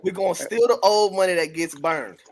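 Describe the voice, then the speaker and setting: Laid-back higher-voiced man bantering. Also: fairly quick. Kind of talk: casual movie recap chat.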